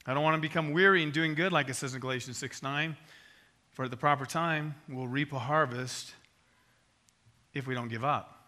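A man's voice: fairly high pitch, moderate pace, bright, forceful tone. A male pastor preaching a sermon and closing in prayer, driving points home with repeated phrases and sudden swells in volume. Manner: emphatic, repetitive exhortation with sudden swells in volume.

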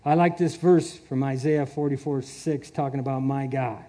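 A man's voice: mid-range voice, fairly even intonation, moderate pace, dark tone. A man preaching a sermon in an earnest way, chuckling often and repeating his words.

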